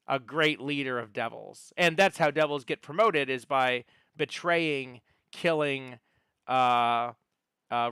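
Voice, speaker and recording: A man's voice: mid-range voice, fairly bright tone, clear, resonant tone, dry recording, clean studio sound. A man running a tabletop game as dungeon master, telling the lore with frequent fillers and restarts. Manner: storytelling with many fillers and restarts.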